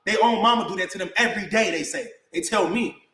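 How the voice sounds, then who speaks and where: High-voiced man ranting heatedly. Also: fast talker, fairly bright tone. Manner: confrontational, slangy, keeps repeating "bro". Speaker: vlogger answering critics. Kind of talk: heated rant to camera. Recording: echoey room.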